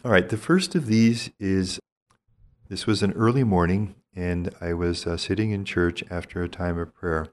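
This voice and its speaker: An older man, a priest, teaching in a reflective and gentle way, measured and thoughtful with frequent pauses. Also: low voice, fairly even intonation.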